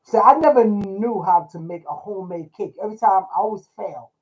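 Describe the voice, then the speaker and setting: A woman's voice: mid-range voice, brisk, poor audio. An older woman hosting a live stream, chatting casually and reminiscing. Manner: chatty, reminiscing, talks over her co-host. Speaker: livestream host. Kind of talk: casual chat.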